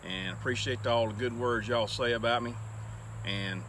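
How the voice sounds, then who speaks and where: Bright-voiced man, crude folksy humor. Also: medium pitch, moderate pace, a little hiss or hum. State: out of breath. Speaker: taste tester on a cooking channel. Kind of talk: casual folksy taste-test chat.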